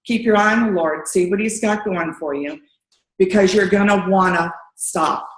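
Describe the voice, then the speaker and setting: A middle-aged woman giving an earnest testimonial at a training meeting, telling her story lively and acting out quotes. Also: mid-range voice, moderate pace. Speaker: distributor sharing a story. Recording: echoey room.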